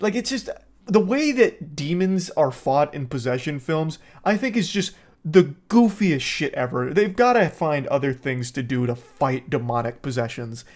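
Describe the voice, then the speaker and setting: A man's voice: on the high side, expressive, moderate pace, darkish tone. A man, an online movie reviewer, ranting in a sarcastic, exasperated and profane style. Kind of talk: casual ranting commentary.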